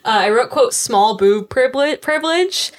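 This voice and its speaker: A young woman co-hosting a podcast, chatting casually and with strong opinions, full of fillers and quick asides. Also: high-pitched, lively intonation. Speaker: podcast co-host. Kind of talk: casual recap chat.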